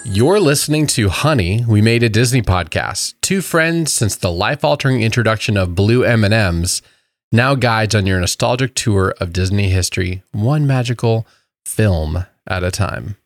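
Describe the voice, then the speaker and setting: Deep-voiced self-deprecating man co-hosting. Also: expressive, normal speed, dry recording, studio quality. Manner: self-deprecating, stumbles over words. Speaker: podcast co-host. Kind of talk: casual chat.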